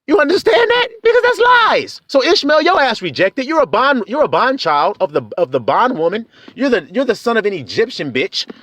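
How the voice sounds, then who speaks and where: A man with a very high voice that leaps all over its range preaches in a taunting, profane way. He fires rhetorical question after rhetorical question. The sound is close and dry, with no room around it. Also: sing-song, moderate pace, few pauses, a bit bright, no room sound. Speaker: online preacher. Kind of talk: confrontational preaching rant.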